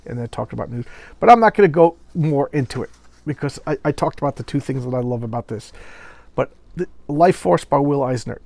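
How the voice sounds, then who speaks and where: A man reviewing a comic book in a casual video, speaking haltingly, often repeating words, and openly moved by the pages. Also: mid-range voice, vocal fry, darkish tone, dry recording.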